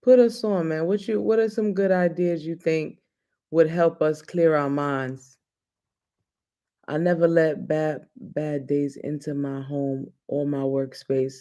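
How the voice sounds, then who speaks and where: A man's voice: a little high, steady tone, slow pace, mellow. A man hosting a casual chat show, talking in a loose, joking, slangy way. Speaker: host.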